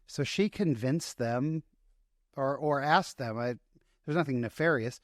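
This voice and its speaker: A man's voice: mid-range voice, unhurried, no room sound, clean studio sound. A middle-aged man, a guest in an interview, telling a personal story in an earnest, emotional way with many restarts.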